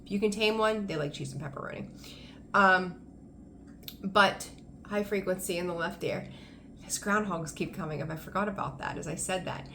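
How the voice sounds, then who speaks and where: Woman tarot reader, gravelly fry, rambly and excited, lots of ums. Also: fairly low pitch, moderate pace, slight background noise. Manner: rambling, enthusiastic, frequent ums. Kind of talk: casual tarot reading to camera.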